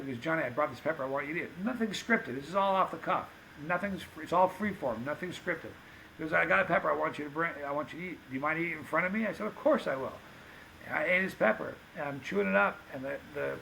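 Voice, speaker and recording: A man spinning a long anecdote with lively energy, acting out both sides of each exchange. His voice sits a touch high and has a bright, gravelly edge. A faint hiss of room noise lies under the recording. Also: fast talker, poor audio. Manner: animated anecdote-teller, acts out quoted dialogue. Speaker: podcast guest, pepper show host. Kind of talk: casual storytelling.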